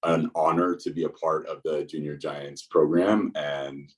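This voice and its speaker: A man speaking as a guest on a video call, relaxed and slightly halting, sounding distant from the mic. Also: extremely low pitch. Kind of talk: casual address to volunteers.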